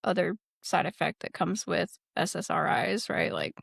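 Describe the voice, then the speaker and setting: Young woman co-host, casual candid chat, some vocal fry, dry close sound. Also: lowish voice, lively intonation, moderate pace, a bit bright, no room sound. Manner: candid, rambling, heavy on fillers. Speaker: podcast co-host.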